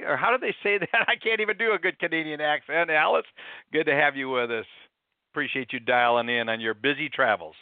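A man's voice: high-pitched, dry recording. Male host, casual and friendly, dry narrow sound, lots of fillers. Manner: friendly, chatty, filler-heavy. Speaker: radio show host. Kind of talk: casual radio talk.

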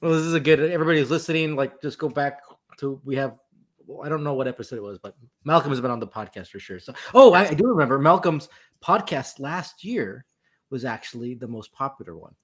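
A man hosting a podcast, enthusiastic and quick to agree, reading out listener comments. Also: medium pitch, animated. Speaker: podcast host. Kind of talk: casual podcast interview talk.

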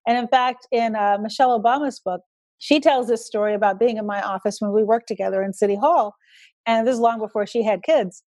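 An older woman, a guest in an interview, speaking in a measured, storytelling way. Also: a little high, darkish tone, no echo. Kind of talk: conversational interview.

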